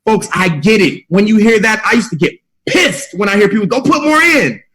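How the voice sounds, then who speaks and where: Rallying high-voiced man giving a pep talk. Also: brisk, fairly bright tone, low-quality recording. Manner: preachy, rallying, repeats phrases. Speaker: mentorship call leader. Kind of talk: motivational speech on a call.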